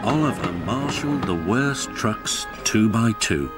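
Man, storybook narration, lively pitch, music playing behind. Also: unhurried.

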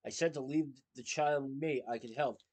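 A man's voice: medium pitch, brisk, darkish tone, natural voice. A man voicing a smug, wicked rich villain who snarls and sneers in a read-aloud story. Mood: sneering.

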